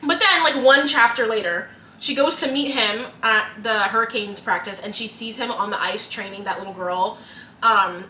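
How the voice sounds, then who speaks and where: A woman's voice: on the high side, normal speed, pushed and bright. A young woman co-hosting a casual book podcast, retelling scenes with lots of laughter and putting on the characters' voices. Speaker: podcast co-host. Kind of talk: casual book-club chat. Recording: echoey room, mic at a distance, faint noise.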